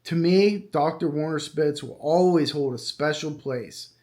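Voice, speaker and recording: A middle-aged man hosting a true crime podcast, talking casually and with strong opinions, often pausing on fillers. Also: fairly high pitch, a little mellow. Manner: conversational, opinionated, with frequent fillers. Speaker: true crime podcast host and retired detective. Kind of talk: casual monologue.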